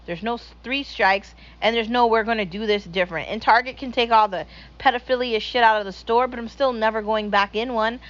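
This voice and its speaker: A woman's voice: fairly high pitch, steady tone, fairly quick, fairly bright tone, highs cut off. A young woman hosting her own show, ranting bluntly and profanely in a casual opinion monologue. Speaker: podcast host.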